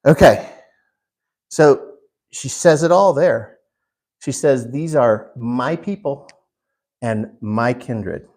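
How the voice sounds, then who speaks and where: A man teaching a Bible class in an unhurried way, putting questions to the class. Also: medium pitch, darkish tone. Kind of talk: interactive Bible class lesson.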